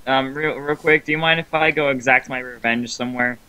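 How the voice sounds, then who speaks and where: A man co-playing a comedy game with a friend, excitable and quick to yell and laugh. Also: mid-range voice, dry recording, poor audio. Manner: excitable, prone to yelling and laughing. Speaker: co-player. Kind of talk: comedic gameplay chat.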